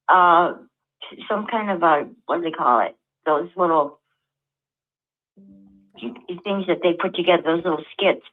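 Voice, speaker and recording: A woman calls in and speaks with animated indignation. She sounds far off, heard through a tinny phone line. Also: on the low side, moderate pace, pauses often. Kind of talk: call-in comment.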